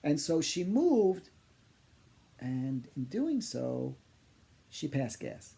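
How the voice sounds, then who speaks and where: A man working as a psychic medium, telling funny personal stories in an animated, exaggerating way. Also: a little high, extremely slow, vocal fry. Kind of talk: humorous personal storytelling.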